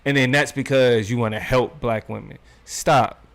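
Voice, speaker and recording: A man's voice: medium pitch, steady tone, brisk, gravelly, fairly bright tone. A man co-hosting a podcast in casual commentary chat, blunt and emphatic, often repeating phrases for emphasis. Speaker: podcast co-host.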